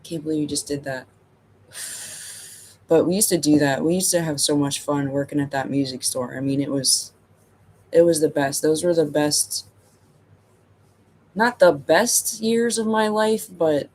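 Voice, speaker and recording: A man's voice: on the high side, unhurried, long pauses. Rambling middle-aged man telling a story. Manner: rambling, full of "you know" and "like"; loose, self-amused. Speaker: channel host. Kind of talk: casual storytelling.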